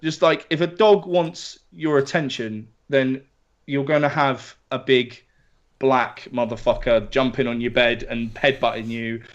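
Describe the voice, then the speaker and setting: A young man chatting as a podcast co-host, animated and sweary as he gushes about his dog. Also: mid-range voice, a little slow. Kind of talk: casual chat. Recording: dull lo-fi podcast audio.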